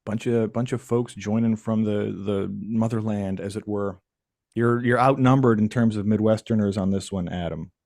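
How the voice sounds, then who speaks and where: A man from Michigan hosting a live stream, chatting casually and jokingly with the audience and pausing often on fillers. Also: lowish voice, steady tone, darkish tone, no room sound, studio quality. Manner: playful, jokey, chatty with frequent fillers. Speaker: livestream host.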